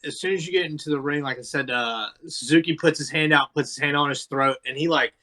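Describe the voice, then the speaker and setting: A man co-hosting a podcast, chatting casually about a wrestling match, relaxed and full of fillers and swearing. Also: a little high, fast. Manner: laid-back, swears freely, lots of likes and ums. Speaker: podcast co-host.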